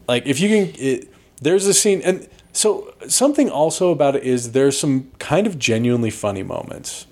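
A man co-hosting a podcast, chatting casually about movies in a rambling way, with lots of restarts. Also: moderate pace. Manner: rambling, restarts often, animated pitch swings. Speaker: podcast co-host reviewing movies. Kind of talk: casual chat.

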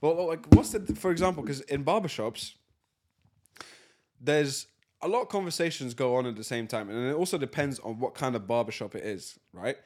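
A young man banters on a casual podcast. He teases, jokes and drops slang as he talks. His voice sits at an ordinary middle pitch. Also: moderate pace, a little mellow. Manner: joking, teasing, slangy. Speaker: podcast co-host. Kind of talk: casual chat.

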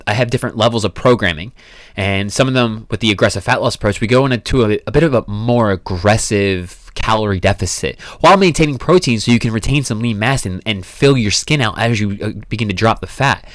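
A man's voice: on the low side, no echo, clean studio sound. A young man talking as a fitness coach in a casual monologue, blunt, emphatic and full of profanity.

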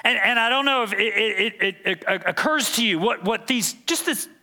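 A man's voice: high-pitched, normal speed, bright, forceful tone. A man preaching a sermon as pastor, emphatic and building through repeated phrases.

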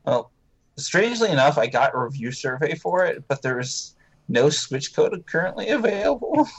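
A man's voice: fairly high pitch, very animated, normal speed, breathy edge, poor audio. A man co-hosting a casual podcast, running through gaming news in an easygoing, hesitant way. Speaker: podcast co-host reading news.

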